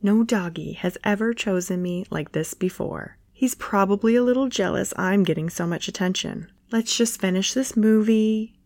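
A bubbly young woman who gushes and flusters easily, lifting her voice high, as a woman narrator plays her. Recorded close and dry, with no room sound. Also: normal speed, few pauses, darkish tone, dry recording, lightly acted. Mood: gushing. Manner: gushing, giggly delivery.

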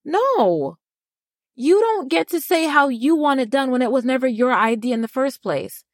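A woman's voice: high-pitched, very animated, moderate pace, no room sound, studio quality. A woman co-hosting a podcast, giving a blunt, heated recap rant and swearing freely. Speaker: podcast co-host. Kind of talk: casual reality-TV recap rant.

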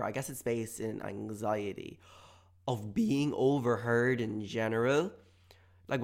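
A young man talks through a casual, comic podcast monologue, breaking into loud, exaggerated quoted voices. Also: mid-range voice. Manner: animated storytelling with sudden loud mock-quotes. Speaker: podcast host.

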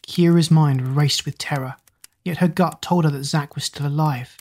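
A reader narrating a children's story in an even, measured way. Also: mid-range voice.

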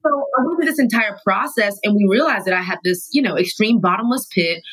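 A woman guest in a studio telling her own story candidly, emphatic and animated, sometimes laughing through her words. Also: medium pitch, fast talker, husky, rough recording. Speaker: podcast guest.

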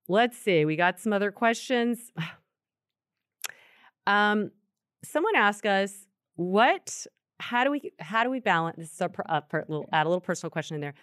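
A woman co-hosting a yoga talk, explaining anatomy in a chatty, animated way. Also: fairly low pitch, no room sound, studio quality. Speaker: yoga co-host answering questions. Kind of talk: casual podcast chat.

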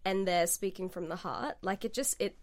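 A woman's voice: medium pitch, moderate pace. A woman from India who is a songwriter and podcast guest, chatting enthusiastically in a casual way, laughing often and filling her talk with "like".

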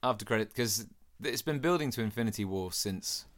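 A man's voice: fairly low pitch, brisk, fairly bright tone. A man co-hosting a casual chat, telling stories and making dry jokes.

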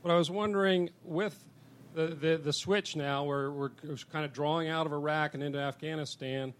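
A man in the audience asking a question, halting and trailing off. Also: fairly high pitch, steady tone, fairly bright tone.

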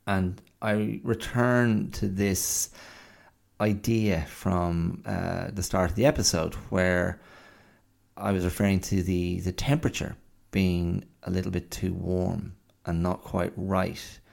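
A man's voice: low voice, little pitch movement, slow pace, gravelly, a little mellow. A middle-aged man hosting a podcast, telling a rambling, self-deprecating story with lots of fillers. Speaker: podcast host. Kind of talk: casual monologue.

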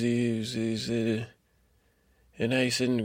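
A man hosting a podcast, telling a meandering bedtime story with many halting restarts and digressions. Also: fairly low pitch, fairly even intonation, creaky, dry recording, clean studio sound.

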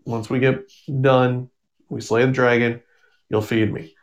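A man voicing a gruff wandering hillbilly with a blunt, matter-of-fact delivery. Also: mid-range voice, little pitch movement, unhurried, lightly acted.

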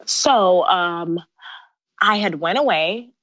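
Brief: woman in her thirties, lowish voice, animated storyteller, dry dull recording. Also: slow, no room sound. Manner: animated, laughing asides, acts out her own past lines. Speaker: guest, bridal designer. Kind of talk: casual interview storytelling. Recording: dry, slightly dull sound.

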